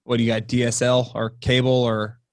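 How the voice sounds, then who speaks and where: A man, a high school football coach, talking bluntly and swearing freely as a podcast guest over a remote call. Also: monotone, fairly quick, dry recording, clean studio sound. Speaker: football offensive coordinator, guest. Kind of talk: casual podcast chat.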